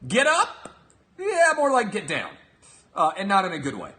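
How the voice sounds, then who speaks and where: A man hosting a sports talk show, giving emphatic, sarcastic solo commentary that swings between loud and quiet. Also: high-pitched, huge pitch swings, normal speed.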